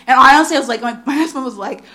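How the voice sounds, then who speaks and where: Animated woman preaching a story sermon. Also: rapid-fire. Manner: animated storyteller, acts out dialogue with big pitch jumps.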